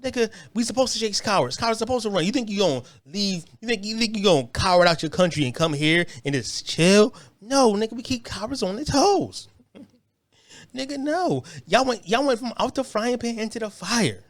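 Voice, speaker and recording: A man from the US rants into a close, dry podcast mic, his voice riding high and swinging wide as he taunts. He repeats words when he gets heated, mocking and brash. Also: animated, a little fast, no echo. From United States. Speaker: podcast host reacting to clips. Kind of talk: mocking rant commentary.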